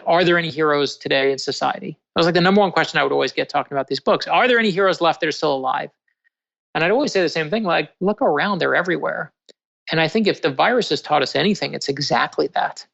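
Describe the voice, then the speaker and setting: Gravelly, earnest male author. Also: fairly high pitch. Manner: animated, earnest storyteller. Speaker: author and guest. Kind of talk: casual interview storytelling. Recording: dull lo-fi remote audio.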